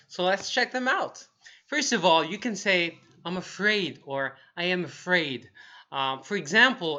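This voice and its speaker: A man teaching an online English lesson in an energetic, upbeat way, saying example phrases slowly. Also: on the high side, lo-fi sound.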